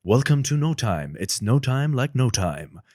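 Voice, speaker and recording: A man's voice: medium pitch, big pitch swings, a little slow, a little mellow, dry recording, clean studio sound, pitched above the performer's own voice. A man imitating a male movie-trailer announcer, with dramatic, emphatic delivery.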